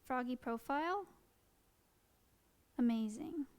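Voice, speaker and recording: High, clear-voiced fast-talking woman. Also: expressive. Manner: fast-talking with frequent fillers. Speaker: wildlife educator and streamer. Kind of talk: casual live-stream presentation and Q&A.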